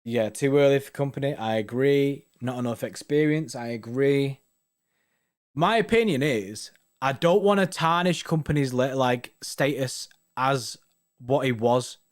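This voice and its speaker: A man's voice: medium pitch, measured pace. A man co-hosting a football fan show, chatting casually and rambling with slang and restarts. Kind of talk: casual chat reading viewer comments.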